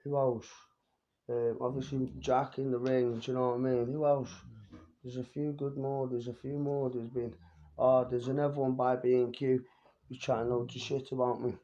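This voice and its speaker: A man's voice: mid-range voice, flat delivery, moderate pace, mellow, lo-fi sound. Bragging, streetwise young man. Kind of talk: boastful fight-story vlog.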